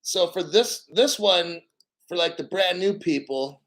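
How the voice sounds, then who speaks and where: A man's voice: sits high, unhurried, a bit bright, poor audio. A man hosting a crypto livestream, ranting with heated rhetorical questions and frequent swearing.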